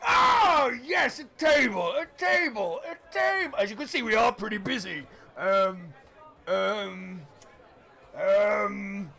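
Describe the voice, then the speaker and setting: A man voicing a loud, brusque male tavern keeper who bellows and swears bluntly. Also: high voice, very animated, slow pace, vocal fry, a faint crowd, full character voice. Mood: harried shouting.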